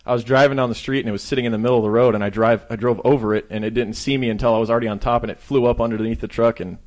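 A man's voice: medium pitch, fairly even intonation, very fast, darkish tone. A man in a podcast studio, telling laid-back anecdotes in casual chat. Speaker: podcast co-host.

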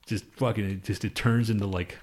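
A man's voice: lowish voice, fairly even intonation, a little fast, darkish tone. A young man co-hosting a podcast, telling loose, profane stories in casual chat and laughing often. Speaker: podcast co-host.

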